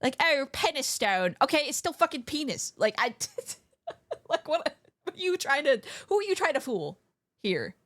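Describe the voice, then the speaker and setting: A woman's voice: high voice, sing-song, normal speed. A young adult woman streamer chatting casually, giggling and swearing playfully. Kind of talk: casual livestream chat.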